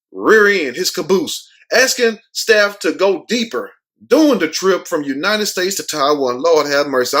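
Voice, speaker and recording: A man's voice: high voice, fairly bright tone. A man giving brash, profane, joking commentary on a news story as the host of his own show.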